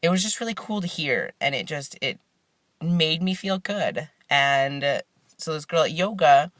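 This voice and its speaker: A man's voice: a little high, expressive, normal speed, a bit bright, no room sound, clean studio sound. A young man talking casually to the camera for a vlog while sitting in a parked car, laid-back and rambling, with lots of fillers and restarts. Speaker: vlogger.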